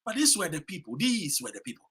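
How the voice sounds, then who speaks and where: A man from Ghana delivers a fiery political speech with a high, bright, husky voice. His pitch swings widely as he preaches, repeating phrases and rising to shouts. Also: very animated, quick pace. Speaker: political commentator. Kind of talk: impassioned political speech to camera.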